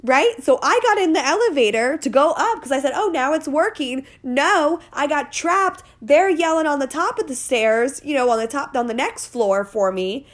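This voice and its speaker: A woman's voice: high voice, moderate pace, few pauses. A woman, hosting a casual motivational podcast in a chatty, playful way. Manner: animated, chatty, playful with swearing and asides. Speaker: podcast host.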